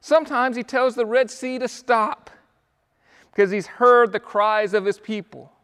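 A man's voice: very high voice, fairly bright tone, smooth. A male pastor preaching a sermon, telling stories with acted quotes in an earnest, pleading manner. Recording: long hall reverb.

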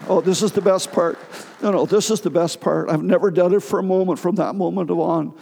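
A middle-aged male pastor preaching a sermon, telling a personal story with emotion and halting restarts. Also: high voice, steady tone, gravelly, mellow, some chatter behind. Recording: long hall reverb.

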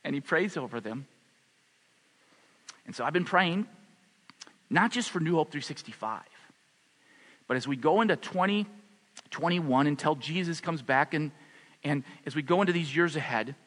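A man preaching a sermon as pastor, passionate at the peaks and soft and low in prayer. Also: lively intonation, moderate pace, long pauses, big-room sound. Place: church hall.

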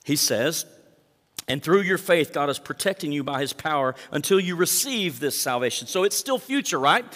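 A man's voice: fairly high pitch, animated, normal speed, fairly bright tone. Preaching man in a reverberant hall. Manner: preaching with emphatic rises and asides to the congregation. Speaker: pastor. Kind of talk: sermon.

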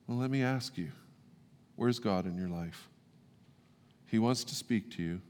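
A man pastor preaching and then leading an earnest, halting prayer to his congregation. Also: fairly low pitch, a little mellow. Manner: earnest, pleading prayer with repeated halting words. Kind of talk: sermon and closing prayer. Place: church sanctuary. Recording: long reverb of a church hall.

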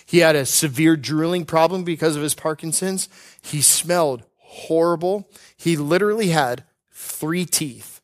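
Earnest storytelling pastor, man, higher voice. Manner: earnest, with light humor and slowed emphasis. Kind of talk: conversational sermon with personal storytelling.

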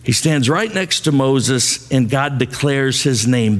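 A man's voice: mid-range voice, expressive, slow pace, big-room sound. A male pastor preaching a sermon, asking the congregation to repeat lines after him.

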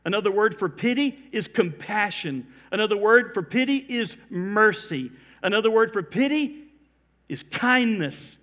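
A middle-aged male pastor with a notably high-pitched voice delivers a sermon. He builds intensity through repetition and drops his pace to weigh single words. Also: expressive, a bit bright. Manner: emphatic preaching that swells in volume on repeated phrases; slows down to stress key words.

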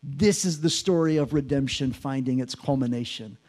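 A man's voice: mid-range voice, moderate pace, darkish tone. A man preaching a sermon, reading scripture aloud and acting out the mocking voices with drama. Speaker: pastor.

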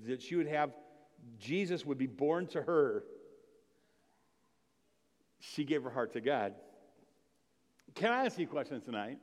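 A man preaching a Christmas Eve sermon, talking casually and reading scripture aloud with rising emphasis, asking the congregation questions. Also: a little high. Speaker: pastor. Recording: long reverb of a large hall.

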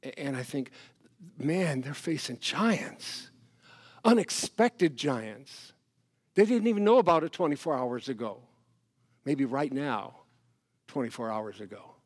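A man preaching a sermon as pastor, animated, swinging from loud emphasis to hushed asides. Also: mid-range voice, unhurried, long pauses, slightly rough.

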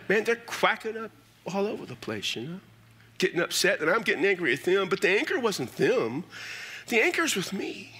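A man's voice: a little high, bright, forceful tone. A middle-aged man, a pastor telling a personal story in a sermon in a folksy, earnest way. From South Texas.

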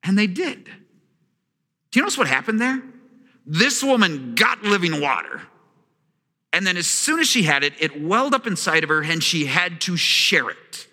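A man preaching in a sanctuary, telling his story with animated emphasis and putting questions to the congregation. His voice is bright and fairly high for a man, and it rings in the long reverb of a large church hall. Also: unhurried. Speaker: pastor. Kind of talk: sermon.

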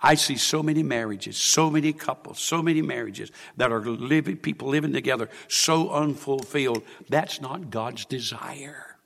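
A man preaching a sermon, swinging from hushed, emotional confession to loud exclamation. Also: mid-range voice, moderate pace, creaky, few pauses, long reverb tail.

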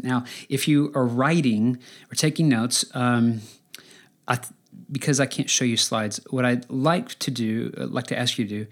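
A male pastor delivering an earnest, conversational sermon, pausing often and restarting his phrases. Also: medium pitch.

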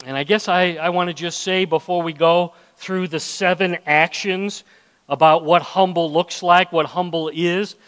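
A man's voice: high voice, steady tone, a little slow, fairly bright tone, clean tone. A male pastor preaching a sermon, asking the congregation questions and acting out inner voices. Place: church hall. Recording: long hall reverb.

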